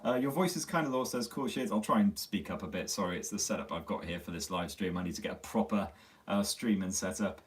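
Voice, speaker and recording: Low-voiced Sunderland man, a bit far from the mic. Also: quick pace. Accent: Northern English (Sunderland). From Sunderland, North East England. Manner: chatty, swears freely, self-mocking. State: slightly losing his voice. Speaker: tech channel host. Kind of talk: casual live-stream chat. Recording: distant mic on a phone stream.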